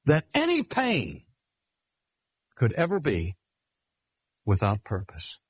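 Older male preacher, mid-range voice, deliberate and emphatic, dry close recording. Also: medium pitch, wildly swooping pitch, husky, dry recording. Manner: measured, emphatic delivery with slow stressed phrases. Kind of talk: sermon. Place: speaking at a cancer hospital.

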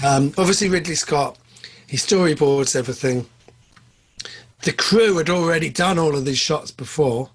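A man co-hosting a podcast, chatting casually about films, excitable and jumping up in pitch when enthused. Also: moderate pace, breathy edge. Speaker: podcast co-host. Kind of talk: casual film chat.

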